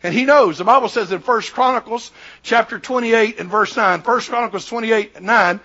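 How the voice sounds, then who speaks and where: A man's voice: sits high, normal speed, sharp tone, dull audio. A man in his sixties, a pastor preaching a sermon in an emphatic, repetitive, conversational way.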